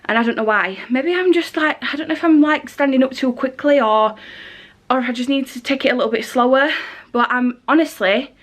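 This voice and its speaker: A young pregnant vlogger chats casually in a home vlog, moving through her living room and nursery, rambling and out of breath. Her voice is high and fairly quick.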